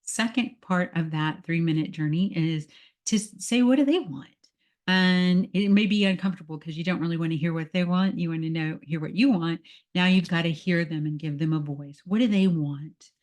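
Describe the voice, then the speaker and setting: A woman's voice: fairly low pitch, normal speed, darkish tone. A woman leadership coach talking listeners through an exercise step by step, repeating key words for emphasis. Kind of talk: guided exercise instruction.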